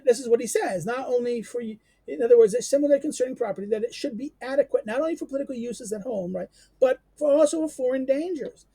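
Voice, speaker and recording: A man's voice: extremely high pitch, mellow, slightly rough, no echo. A man giving an unscripted lecture, rambling and emphatic, with many fillers and restarts.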